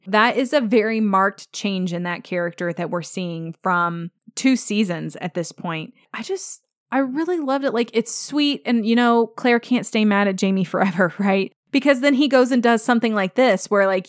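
A woman's voice: mid-range voice, lively intonation, moderate pace, hardly any pauses, no room sound, clean studio sound. A woman hosting a podcast, chatting casually about a TV episode, laughing often and acting out the characters' lines. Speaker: podcast host.

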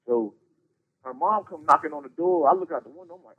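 A man's voice: a little high, brisk. A man, telling his story bluntly with lots of profanity and slang, rambling as he goes. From North Carolina, US. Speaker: incarcerated interview guest. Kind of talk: casual storytelling. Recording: tinny prison phone line.

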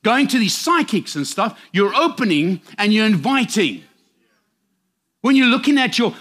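A man with a notably high voice preaches with emphatic, direct warnings to his congregation. He is middle-aged and from South Africa, and he delivers his sermon in a plain, urgent way. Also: expressive, moderate pace, a bit bright.

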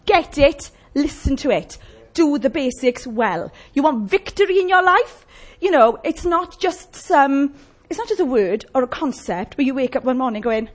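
A woman's voice: high voice, lively intonation, moderate pace. A woman preaching a sermon in a conversational way, often asking the congregation questions.

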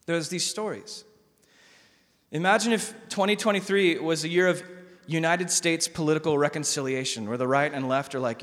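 A male pastor preaching a sermon in a conversational, animated way, often repeating words. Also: a little high, brisk. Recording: long hall reverb.

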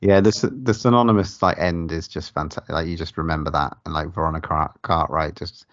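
A man on a film podcast, speaking haltingly with fillers. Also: very deep voice, fairly even intonation, no echo. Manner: hesitant, with fillers. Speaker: podcast co-host. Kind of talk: casual film chat. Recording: dull, dry podcast audio.

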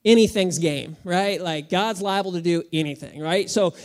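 Casual, funny preacher, mid-pitched. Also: moderate pace. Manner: conversational, humorous, emphatic. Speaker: pastor. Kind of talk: sermon.

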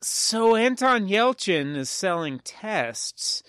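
A man's voice: high voice, very animated, slow pace, fairly bright tone, clean tone, no room sound, clean studio sound. A man casually recapping a film's plot on a podcast, rambling and poking fun at himself. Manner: rambling, self-mocking plot summary. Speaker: podcast co-host. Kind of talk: casual movie-recap chat.

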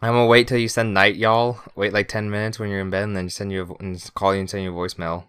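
A man's voice: lowish voice, level tone, quick pace, fairly bright tone, clear, resonant tone. A man co-hosting a casual podcast who cracks sarcastic, crude jokes. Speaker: podcast co-host.

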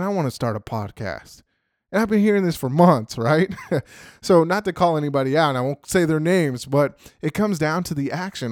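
A man's voice: a little high, darkish tone, no room sound, clean studio sound. A man hosting a podcast, giving a casual motivational talk and often asking "right?" to the listener. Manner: casual, repeats "you know" and "right?" often. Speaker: podcast host.

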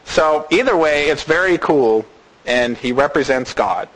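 Animated high-voiced male preacher. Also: a little slow, low-quality recording. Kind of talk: sermon.

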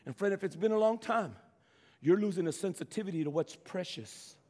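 High-voiced man preaching in an echoey church. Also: lively intonation, a little fast, darkish tone. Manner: impassioned preaching with stammered restarts and call-outs to the congregation. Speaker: pastor. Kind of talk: sermon. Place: church sanctuary.

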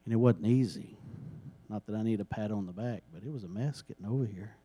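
A man, preaching a sermon and praying for miracles, swinging from soft talk to loud, drawn-out emphasis. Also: fairly low pitch, breathy edge, dry recording. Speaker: guest preacher. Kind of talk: sermon with prayer.

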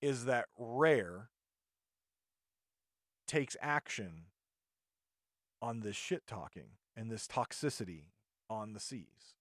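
A man's voice: on the low side, lively intonation, slow, long pauses, no echo, clean studio sound. A man hosting a podcast, ranting indignantly in a monologue and often restarting his sentences. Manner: indignant, rambling with frequent restarts. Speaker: podcast host.

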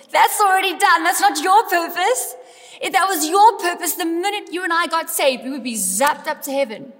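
A middle-aged woman preaching a lively sermon in a church, building up to emphatic calls to her congregation. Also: high-pitched. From South Africa. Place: church hall. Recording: long hall reverb.

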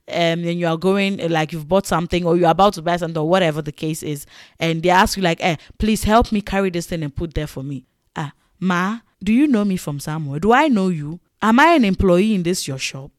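A chatty woman, telling stories casually and animatedly, with lots of fillers. Her voice is smooth and the recording dry and close. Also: on the low side, animated, quick pace, no room sound. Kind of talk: casual storytelling vlog.

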